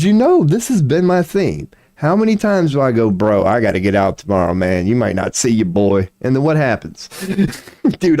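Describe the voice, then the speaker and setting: Streaming live, a young man talks to himself and his chat in a rambling, self-deprecating casual monologue packed with slang and swearing. His voice is warm and medium-pitched, and the recording is dry.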